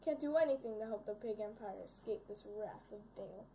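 A young woman giving casual, excitable commentary while playing a game, often yelping and repeating words in a panic. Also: mid-range voice, a little fast, slight background noise. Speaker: gaming video creator.

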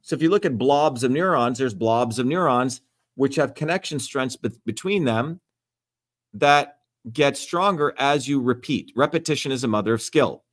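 A man's voice: medium pitch, animated, normal speed. A man hosting a livestream Q&A, talking bluntly and emphatically, lecturing and swearing freely. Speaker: host. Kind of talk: livestream Q&A talk.

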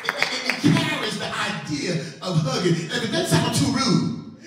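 A male pastor preaching a sermon in a church, animated, repeating words and calling on church members by name. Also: extremely high pitch, moderate pace. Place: church sanctuary. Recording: echoey hall from far off, organ faint.

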